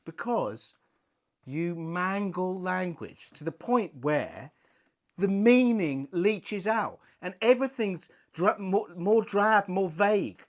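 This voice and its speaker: A man's voice: high-pitched, sing-song, slow pace. A man co-hosting a comedy podcast in a studio, pedantic and argumentative. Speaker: podcast co-host. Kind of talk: casual comedy banter. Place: rented studio.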